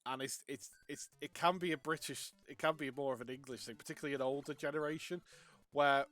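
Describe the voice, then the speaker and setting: A man's voice: fairly high pitch, fairly even intonation, fast talker, fairly bright tone. A young Welshman chatting casually while streaming a game, rambling with many restarts and laughs. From Wales.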